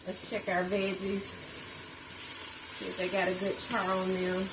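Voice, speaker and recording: Middle-aged woman talking y'all style while cooking at home, loud frying sizzle behind her. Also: mid-range voice, a little slow, background noise. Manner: chatty, addresses viewers as "y'all", excitable exclamations. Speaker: home cook vlogger. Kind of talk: casual cooking vlog chat. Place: home kitchen.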